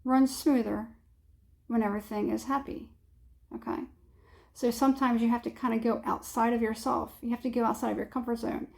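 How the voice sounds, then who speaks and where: A woman's voice: fairly high pitch, little pitch movement, a little fast, gravelly. A woman giving a casual tarot reading, rambling and hesitant, with many fillers and frequent chuckles. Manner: chuckles often. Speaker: tarot reader.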